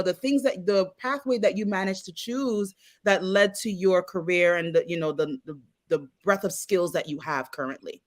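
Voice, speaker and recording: Woman interviewer, mid pitch, hesitant and repetitive phrasing. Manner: hesitant, repeats words while asking. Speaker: interviewer host. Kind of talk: interview questions.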